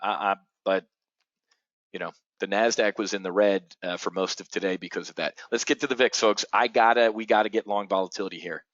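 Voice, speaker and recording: A man hosting a live trading webinar, talking excitedly to his audience, swearing and calling them folks. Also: fairly low pitch, a little fast, dry recording, lo-fi sound.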